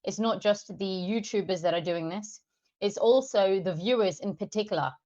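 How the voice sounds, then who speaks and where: A woman's voice: mid-range voice, moderate pace, mellow. A woman, a parent of two, ranting angrily at her viewers on a livestream, heavily profane and addressing them directly. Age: adult parent of two. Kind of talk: angry livestream rant. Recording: slightly dull lo-fi stream audio.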